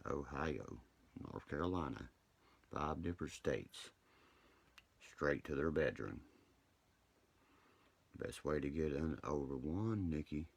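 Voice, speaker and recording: A man with an extremely low, gravelly voice rambles through a late-night livestream. His delivery is profane and meandering, with a husky, rough edge to every line. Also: expressive, takes it slowly, pauses often.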